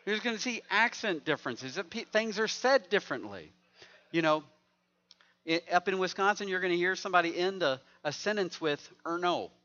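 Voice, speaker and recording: Bright-voiced joking man preaching. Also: sits high, lively intonation, a little fast, lo-fi sound. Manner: conversational and joking. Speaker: pastor. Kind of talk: sermon.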